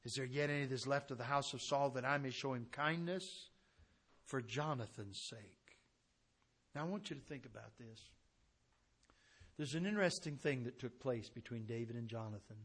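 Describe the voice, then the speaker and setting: A man preaching a sermon, impassioned, swinging from shouted declarations down to quiet, low storytelling. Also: moderate pace, breathy edge. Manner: impassioned, rising to shouts then dropping low.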